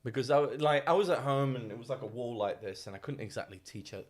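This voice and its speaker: A man co-hosting a podcast, telling stories in a casual, animated way, often mimicking other people's voices and laughing as he talks. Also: medium pitch, fast. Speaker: podcast co-host. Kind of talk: casual storytelling chat.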